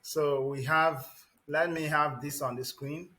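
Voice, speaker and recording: A man teaching English pronunciation to a class, repeating words slowly and emphatically and calling on students by name. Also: a little high, steady tone, bright, forceful tone. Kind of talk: classroom lesson.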